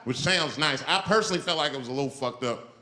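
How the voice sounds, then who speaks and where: A man doing stand-up comedy on stage, an animated, profane storyteller whose pitch jumps up for emphasis. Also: fast talker. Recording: live show, loud crowd and noise.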